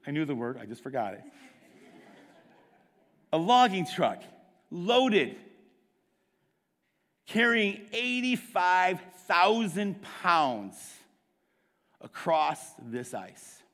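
A man preaching a sermon, telling a story with quick bursts and dramatic hushes. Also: high voice, sing-song, in a large hall. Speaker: pastor.

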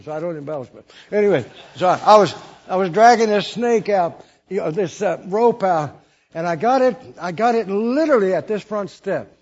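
Older male preacher, husky higher voice, folksy storytelling sermon, dull lo-fi sound. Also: darkish tone. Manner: folksy, rambling with restarts and laughs. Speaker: missionary preacher.

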